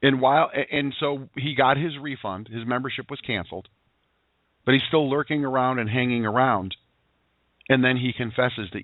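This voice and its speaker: A man's voice: medium pitch, a little fast, no room sound. A man hosts an internet call-in show, speaking energetically and preachily and firing off rhetorical questions. His mid-range voice comes through a narrow, phone-like line. The sound is dry and close. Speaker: host of a daily internet radio show. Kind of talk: motivational call-in show talk.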